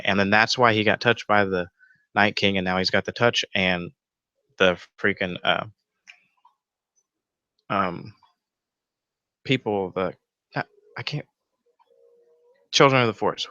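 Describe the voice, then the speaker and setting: A man's voice: mid-range voice, normal speed, sharp tone, dry recording, lo-fi sound. A man hosting a casual fan theory show from home, rambling with lots of fillers and the odd swear. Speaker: YouTube show host. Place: home room with a roommate nearby.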